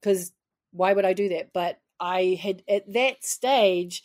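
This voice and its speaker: A woman from New Zealand with a New Zealand accent, a guest telling animated stories in a casual interview, with frequent restarts. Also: fairly low pitch, slow. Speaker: guest, actress and author.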